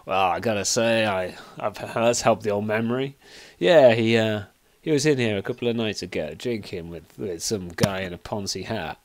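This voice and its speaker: A man voicing a shifty male barman in a seedy tavern, talking low and confidingly. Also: normal speed, hardly any pauses, dry recording, close to an everyday voice. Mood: conspiratorial.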